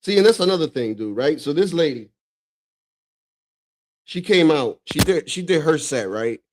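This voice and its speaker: A man from the Dominican Republic hosts a casual stream, reacting to clips. His voice sits a bit high for a man, and he talks loosely and excitably, swearing freely and breaking into laughter. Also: moderate pace. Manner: profane, excitable, laughs often.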